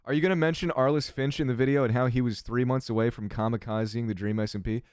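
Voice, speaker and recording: A man's voice: mid-range voice, steady tone, fast talker, darkish tone, clear, resonant tone, dry recording, clean studio sound. A man casually reading chat on his livestream, sardonic and crass, swearing freely.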